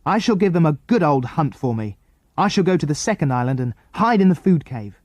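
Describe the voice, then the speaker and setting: A man voicing a brave, quick-thinking young girl in a storybook reading, speaking urgently and earnestly. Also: on the high side, big pitch swings, a little mellow, dry recording. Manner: urgent, earnest, breathless pleading.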